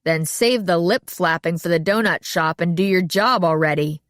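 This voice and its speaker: A woman's voice: mid-range voice, expressive, normal speed, no room sound, clean studio sound, voice pushed up, natural voice. A woman voicing a blunt, fiery female chef who speaks curtly and sharply. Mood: indignant. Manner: curt, sharp, sniping.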